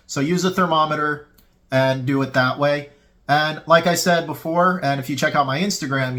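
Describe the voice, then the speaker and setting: A sharp-toned, fairly high male voice belongs to a fitness cooking channel host leading a laid-back tutorial at home. He chats freely with his viewers while eating, recorded on a camera mic set on a tripod.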